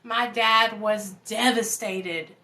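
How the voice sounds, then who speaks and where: A woman's voice: mid-range voice, fairly even intonation, slow, sharp tone. A woman, casually telling her life story to viewers at home, calling them y'all. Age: 30s. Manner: chatty, addresses viewers as y'all and you guys.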